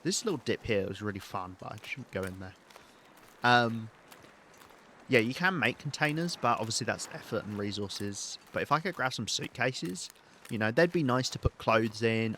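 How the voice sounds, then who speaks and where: Casual male streamer, low voice, loose thinking-aloud commentary. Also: a bit bright, a little hiss or hum. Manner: chatty, rambling, thinks aloud while playing. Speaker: game streamer. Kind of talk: live-streamed let's play commentary.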